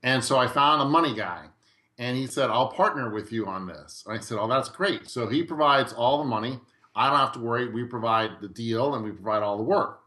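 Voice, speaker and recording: A middle-aged man, a guest in a podcast interview, telling his story in a lively way and acting out quoted dialogue. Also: medium pitch, fairly quick. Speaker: guest real estate investor.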